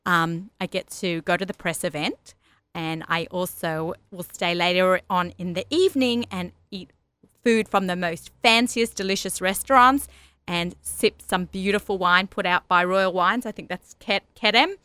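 A woman's voice: fairly low pitch, normal speed, sharp tone, smooth, no room sound. A middle-aged woman with an Australian accent, hosting a radio show in a chatty, laughing manner. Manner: chatty, laughs often, self-correcting. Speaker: radio host. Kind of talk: casual chat.

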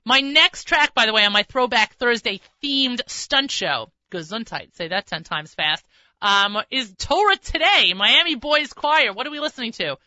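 A woman's voice: fairly high pitch, animated, moderate pace, sharp tone, no room sound. Woman radio host, chatty and self-mocking, vivid, cutting voice, dry, slightly muffled broadcast sound. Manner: chatty, trips over words, self-mocking. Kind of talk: casual radio chat. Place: radio studio.

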